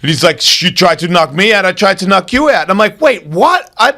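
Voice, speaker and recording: A man telling fight stories on a podcast as a guest, swearing freely and acting out the people he quotes. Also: a little fast. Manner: profane, animated, acts out quoted people in loud high voices. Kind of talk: casual podcast storytelling.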